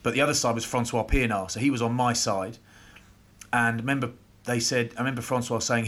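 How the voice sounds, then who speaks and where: Animated storytelling man. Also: medium pitch, fairly quick. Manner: animated anecdotes, laughing. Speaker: podcast co-host, former rugby player. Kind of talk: casual storytelling chat. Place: at a rugby stadium.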